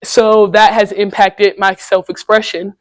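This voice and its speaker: A young woman giving a candid, casual personal talk to high school students in a classroom, telling stories in slangy everyday speech. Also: little pitch movement, unhurried, dry recording. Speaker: guest speaker at a high school.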